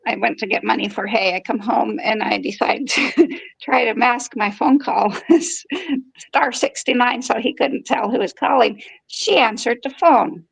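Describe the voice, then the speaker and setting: Woman, fifties, candid storyteller, raspy fry in the voice, dry close recording. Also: a little high, a little slow, dry recording, low-quality recording. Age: 50s. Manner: frank and conversational, acting out quoted dialogue. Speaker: podcast host.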